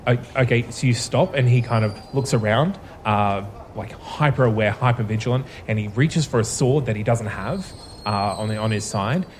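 A man running a tabletop game, narrating slowly with halting pauses and fillers. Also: medium pitch, slight background noise. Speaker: game master.

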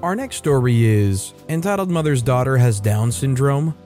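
Male story narrator, conversational reading, warm mellow timbre. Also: medium pitch, expressive, normal speed. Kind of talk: reading online stories aloud. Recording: faint background music. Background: soft background music.

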